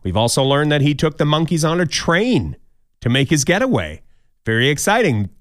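A man's voice: on the high side, sing-song, moderate pace, fairly bright tone, no echo, studio quality. A man hosting a podcast countdown of odd news stories, with jokey, wry asides. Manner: jokey, wry asides, mock quoted voices. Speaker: podcast host.

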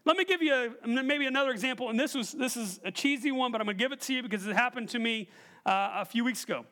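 Preaching fast through a stage microphone in a church hall, this pastor has a voice pitched high for a man. With animated energy he shares a personal story and keeps putting questions to the congregation.

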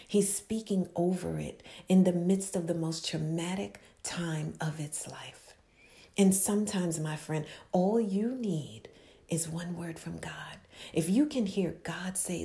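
A woman preaching an inspirational sermon as an author, intimate and impassioned, often dropping into a hushed whisper and building with repeated exhortations. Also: on the low side, measured pace, creaky.

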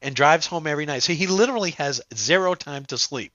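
Male podcast host in casual chat, bright tense voice, dry close sound but dull and muffled audio. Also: fairly high pitch, quick pace, no echo. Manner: animated, laughing, tripping over words.

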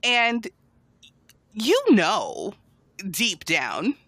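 Bright, lively woman talking bluntly. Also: mid-range voice, extremely slow, breathy edge, dry recording. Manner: blunt, expressive, laughs often. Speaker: podcast co-host. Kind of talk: casual chat.

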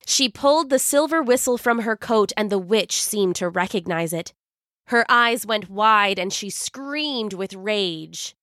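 A woman narrating a children's story in a slow, expressive storytelling manner. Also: mid-range voice, dry recording, clean studio sound. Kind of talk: scripted narration.

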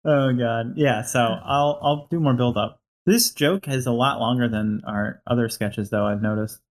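A man in casual chat about his comedy sketch, relaxed and agreeable, hedging with filler words. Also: mid-range voice, normal speed. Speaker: comedy writer.

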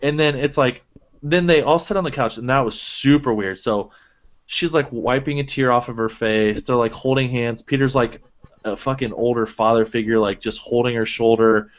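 A young man holds forth on a podcast, worked up and swearing as he mocks the people he is describing. His voice sits at an ordinary pitch, and the recording is a bit dull and lo-fi. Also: moderate pace. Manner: animated, profane ranting with mimicking quotes. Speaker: podcast co-host. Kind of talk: casual chat.

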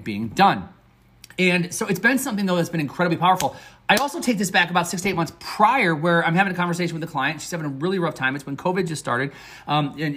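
A man's voice: on the high side, fairly bright tone, slightly rough. A man hosting a motivational podcast as a success coach, talking in an upbeat, earnest, conversational way with fillers and restarts.

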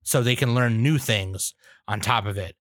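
A man's voice: fairly low pitch, moderate pace, fairly bright tone, no echo. A man co-hosting a podcast, rambling casually and laughing often. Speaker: podcast co-host. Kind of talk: casual chat. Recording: dry.

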